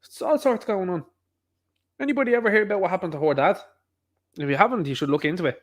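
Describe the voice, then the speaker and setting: A man hosts his own livestream in a loose, rambling talk. He keeps circling back to the same asides, and his voice sits a touch higher than most men's. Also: fast talker. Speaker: livestream host. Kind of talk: casual livestream commentary.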